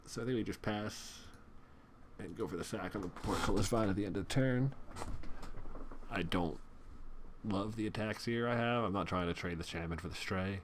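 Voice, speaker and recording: A man's voice: on the low side, moderate pace, long pauses, slight background noise. Groaning, wry male game commentator. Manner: self-mocking, groaning, jokey asides. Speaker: gaming video host. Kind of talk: casual gameplay commentary.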